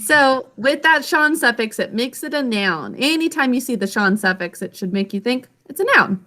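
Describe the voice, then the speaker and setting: Woman, young adult, teacher, video call, bright tone, slightly high, encouraging, clear. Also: animated, normal speed. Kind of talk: online spelling lesson.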